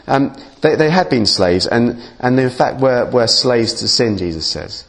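A man's voice: mid-range voice, moderate pace, hardly any pauses. A man giving a conversational sermon as a preacher, informal and often restarting his words. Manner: informal, restarts and repeats words, lively asides.

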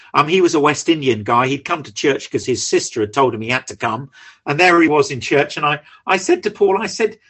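A man preaching an expository sermon, animated, stumbling over repeated words as he builds each point. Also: a little high, slightly rough.

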